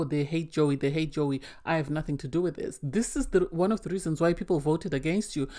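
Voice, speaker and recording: A woman's voice: sits low, darkish tone. A woman giving an opinionated spoken recap and review of a reality dating show, emphatic and often exasperated. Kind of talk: casual recap commentary.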